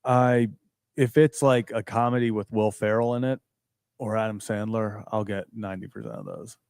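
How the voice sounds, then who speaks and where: This is a man co-hosting a sports talk show. His voice is low and gravelly and sounds close and dry on the mic. He comes across as laid-back and mostly chimes in with short replies. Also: animated, normal speed, darkish tone, no echo. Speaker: co-host.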